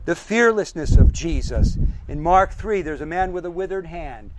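A man's voice: on the high side, animated, moderate pace, noisy background. A man preaching a sermon with emphasis, listing his points one by one and asking the audience questions.

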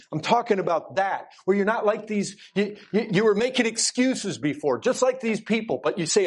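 A man's voice: high-pitched, lively intonation, normal speed, few pauses, breathy edge. A middle-aged man preaching a sermon, emphatic and direct with the congregation, often repeating words for force.

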